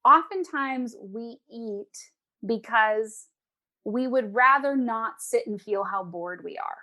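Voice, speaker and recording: A woman's voice: fairly high pitch, takes it slowly. A woman, an emotional eating coach, giving advice as a guest in a casual interview and acting out her clients' voices. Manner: animated, acts out clients' voices.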